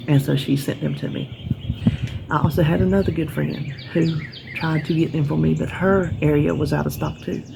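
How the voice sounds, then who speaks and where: A woman's voice: deep voice, vocal fry, noisy background. A woman with a Southern US accent chatting casually on a porch, a rambling folksy storyteller. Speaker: vlogger. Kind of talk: casual chat vlog. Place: outdoors on a porch with birds around.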